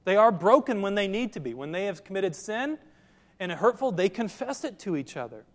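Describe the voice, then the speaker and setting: A man preaches to his congregation in a high, clear register, asking pointed questions and pressing each point home. His voice rings out with long reverb, as if filling a church sanctuary. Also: very animated, fairly quick. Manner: earnest preaching, direct questions to listeners. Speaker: pastor. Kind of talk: sermon.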